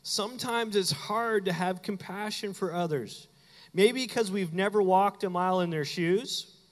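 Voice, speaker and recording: Preaching a sermon, this high-voiced male pastor keeps things conversational and playful, acting out brief asides for the congregation. The sanctuary's long hall reverb rings around every word.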